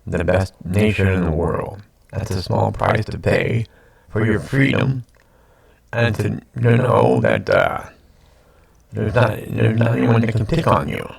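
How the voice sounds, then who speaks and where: Late at night at home, an older man with a congested nose rambles to his webcam in a lowish, husky, creaky voice with a sing-song lilt, going a little slowly. He repeats himself, meanders, and adds self-deprecating remarks, all picked up by the computer's webcam mic.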